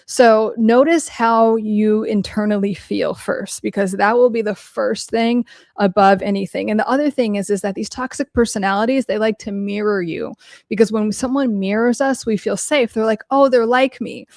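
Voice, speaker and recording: A woman mental health coach hosts a podcast, answering questions solo with casual, blunt, animated storytelling, lots of fillers, and free swearing. She speaks at a normal speed in a mid-range voice. There's no echo, and the sound is studio quality.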